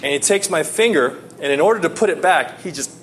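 A man preaching a sermon, telling a personal story and swinging between loud pleading and hushed tones. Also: a little high, animated, fast, slight background noise.

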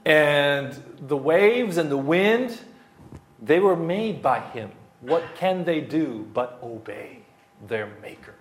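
A man's voice: a little high, expressive, takes it slowly, slight background noise. A man in his thirties preaching a verse-by-verse sermon, talking emphatically, repeating key phrases and dropping in plenty of fillers. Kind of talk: expository sermon. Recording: roomy hall echo.

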